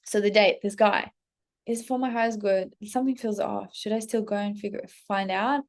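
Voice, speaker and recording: A woman hosting her own spiritual channel, talking casually to camera in a candid, chatty way, swearing freely, leaning on "like", and slipping into quick acted quotes. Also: medium pitch. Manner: animated, slips into acted quotes of herself and others. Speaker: spiritual coach and channel host. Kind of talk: casual unscripted monologue to camera.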